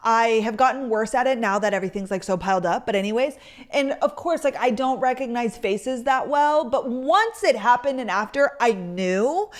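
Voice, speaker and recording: A young woman with a light twang tells a story straight to her camera. She rambles happily and fills her talk with "like"s. Her voice sits a bit high for a woman. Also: lively intonation, normal speed. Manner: chatty, storytelling with many "like"s and quoted voices. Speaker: content creator. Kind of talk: casual chat to camera. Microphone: camera mic.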